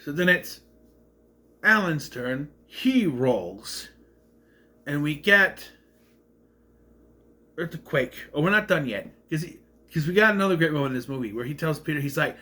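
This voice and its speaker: A man's voice: on the high side, lively intonation, a little slow, pauses often, bright, forceful tone. A man casually recapping a movie plot, rambling and correcting himself as he goes. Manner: rambling, self-correcting retelling.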